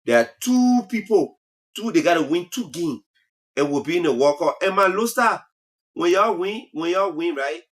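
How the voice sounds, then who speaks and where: A man's voice: high voice, normal speed. A man, hosting a casual comic talk show monologue and teasing as he goes. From Liberia. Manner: animated, teasing, laughs at own jokes. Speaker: comedy talk show host.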